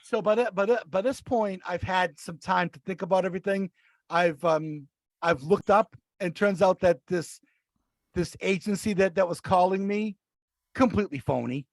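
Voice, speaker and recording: A man co-hosting a podcast, telling a long story in casual chat, animated and acting out the voices he quotes. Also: high voice, normal speed, no room sound. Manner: animated, acts out quoted voices, many restarts. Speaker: podcast co-host.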